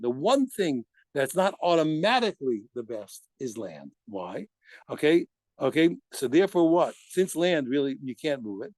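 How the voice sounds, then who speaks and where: A man teaching a daily Talmud study lesson in an animated way, asking himself rhetorical questions and answering them, and often stopping to correct himself. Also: medium pitch, dry recording. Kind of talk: daf yomi study lesson.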